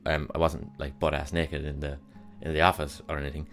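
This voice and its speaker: A man's voice: extremely low pitch, little pitch movement, brisk, fairly bright tone, faint music behind. A young man hosting a podcast, telling rambling, sweary stories about his past jobs with exasperated humor. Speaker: podcast host. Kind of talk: casual solo monologue.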